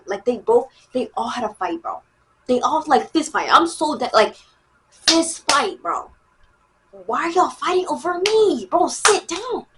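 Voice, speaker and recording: Animated teenage girl telling a story. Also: on the high side. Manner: animated, slangy, repeats herself, acts out quotes. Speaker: storyteller vlogger. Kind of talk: casual storytime chat.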